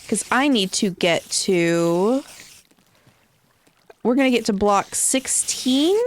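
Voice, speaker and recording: A woman streamer chatting casually while playing, thinking aloud with hesitant ums. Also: mid-range voice. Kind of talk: casual gameplay stream chat.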